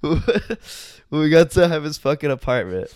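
A man's voice: a little high, big pitch swings, unhurried, darkish tone, clear, resonant tone, no echo, studio quality. Laughing, profane young man. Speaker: podcast co-host. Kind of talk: casual chat.

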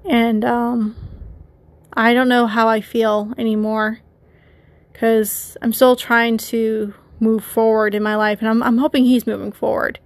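A person with a feminine voice hosting a confessional solo podcast, talking haltingly with many restarts and addressing listeners directly. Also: female voice, fairly high pitch, level tone, no echo. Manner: conflicted, rambling, talks to listeners. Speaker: podcast host.

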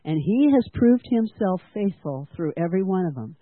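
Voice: mid-range voice, animated, normal speed, dry recording. A church-school teacher preaching a sermon in an earnest way, asking the congregation questions and having them repeat lines. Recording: dry, tinny phone-like sound.

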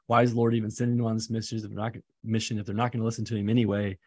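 A man's voice: on the low side, level tone, very fast, darkish tone, no echo. A man who teaches seminary, thinking aloud with enthusiasm and fillers while talking through lesson ideas. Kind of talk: casual teaching-prep chat.

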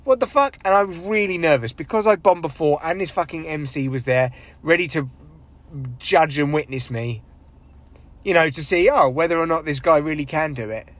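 Sweary comic, rambling and self-deprecating. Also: male voice, fairly high pitch, normal speed. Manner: rambling, sweary, self-deprecating, with big vocal swings when acting out others. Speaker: stand-up comedian. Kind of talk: casual solo podcast monologue.

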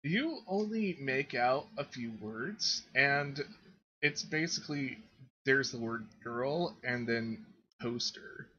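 Bright-voiced man narrating a tabletop game. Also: mid-range voice, slow, slightly rough, muffled recording. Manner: relaxed, hedging narration with "kinda" and "like". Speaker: game master.

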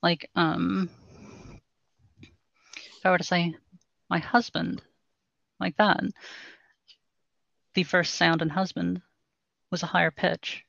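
A woman voice coach calmly explaining voice training in a podcast interview, in a measured, instructive way. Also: lowish voice, creaky, no room sound, dull audio.

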